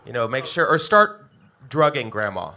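A man's voice: medium pitch, big pitch swings, normal speed, bright, forceful tone. A man on a comedy club panel riffing playfully on joke ideas. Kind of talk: live comedy podcast chat.

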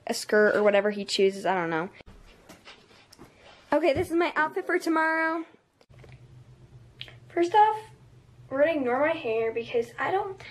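A woman's voice: on the high side, slight background noise. Chatty woman vlogging with a retainer in. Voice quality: slightly altered diction from the retainer. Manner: chatty and upbeat, with frequent ums and giggles. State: speaking with a dental retainer in. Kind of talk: casual vlog chat to camera. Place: at home by her closet.

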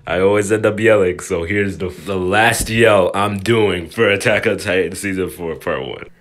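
A young man giving excited, slangy anime reaction commentary, joking and breaking into yells. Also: sits low, moderate pace. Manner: hyped, slangy, jokey, bursts into yells. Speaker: anime youtuber.

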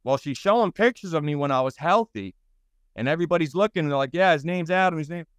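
A man in his thirties with a Boston accent tells his stories bluntly and with a lot of swearing, often stopping and starting over. His voice is smooth and pitched a little high. The sound is dry and close, with no room around it. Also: expressive, dry recording. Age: 30s. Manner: blunt, rambling, profane, halting restarts. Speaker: guest. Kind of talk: interview storytelling.

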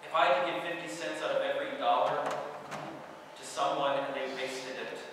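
A male pastor with a fairly high voice delivers a sermon as dramatic storytelling, turning often to speak straight to his listeners. His voice rings through a large, echoey church hall with a long reverb, picked up from far off the mic, with faint room ambience behind. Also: fairly even intonation, normal speed, background noise.

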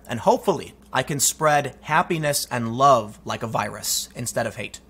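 A man's voice: mid-range voice, expressive, normal speed, few pauses, fairly bright tone, husky. A man giving emphatic, conversational opinion commentary and telling a personal story. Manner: emphatic, conversational, frequent restarts. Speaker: political commentator.

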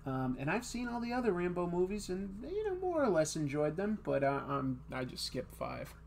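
A man from the Boston area chats casually while drawing, teasing himself and laughing at his own jokes. His voice moves a lot in pitch, and a faint hum sits behind it. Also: sing-song, normal speed, gravelly, darkish tone. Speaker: host.

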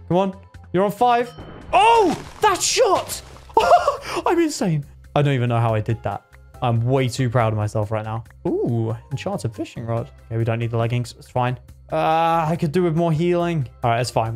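Excitable young man narrating live gameplay. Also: a little high. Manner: excitable, yelps and laughs at close calls, talks to himself. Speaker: gaming video creator.

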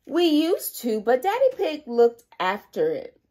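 Woman reading as a gentle mother pig. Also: high voice, huge pitch swings, measured pace, voice pushed up, heavily acted.

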